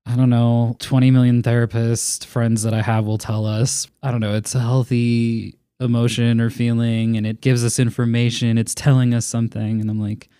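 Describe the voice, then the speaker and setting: A man's voice: mid-range voice, level tone, normal speed, hardly any pauses, dark tone, smooth, no room sound, clean studio sound. A man hosting a podcast in casual conversation, candid and blunt, who swears freely. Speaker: podcast host.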